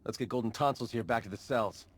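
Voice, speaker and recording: A man's voice: medium pitch, fast, close to an everyday voice. An actor playing a young male sidekick hero in a video game, making dry, joking quips. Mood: wry.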